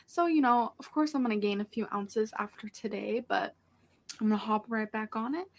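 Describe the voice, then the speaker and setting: A woman's voice: a little high, normal speed. A woman vlogging in a casual, chatty, self-conscious way, heard from an older vlog clip. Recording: old vlog clip played back.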